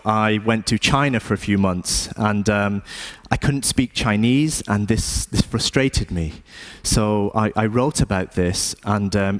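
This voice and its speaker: English man giving a hesitant stage talk. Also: fairly low pitch. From England. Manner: hesitant, with frequent ums and restarts. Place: lecture stage.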